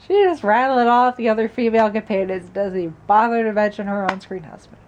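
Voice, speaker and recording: A woman's voice: medium pitch, fairly even intonation, moderate pace, a little mellow, muffled recording. A woman talks to her camera at home, rambling through her week with plenty of asides. She sounds worn out and a bit sick, and a faint hiss sits under her voice. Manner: rambling, chatty, with laughs and asides. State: sick and tired. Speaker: vlogger. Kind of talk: casual chat. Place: at home by a patio door.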